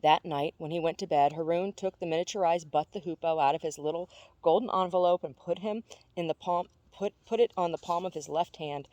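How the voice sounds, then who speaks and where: A woman reading a novel aloud in a steady, even storytelling way. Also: fairly low pitch, a little fast, no echo, dull audio. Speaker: audiobook reader.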